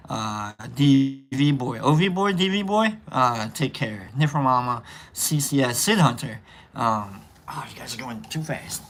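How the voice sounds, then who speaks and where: A man's voice: mid-range voice, a bit bright, a little hiss or hum. A man hosting a casual livestream, rambling and joking with lots of fillers and restarts as he reads out names to say goodbye. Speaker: livestream host. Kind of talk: casual livestream sign-off reading chat names. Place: indoor room.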